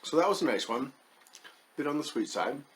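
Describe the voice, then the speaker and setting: A man's voice: a little high, expressive, brisk, very noisy. Man muttering through a chocolate review. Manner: wry, hesitant, muttering while tasting. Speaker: food reviewer. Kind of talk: casual product review.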